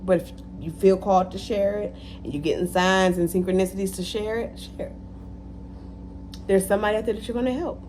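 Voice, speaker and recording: Animated woman giving a pep talk. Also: mid-range voice, a little fast, slight background noise. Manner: animated, preachy, repeats phrases for emphasis. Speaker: vlogger. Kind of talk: casual motivational talk to camera.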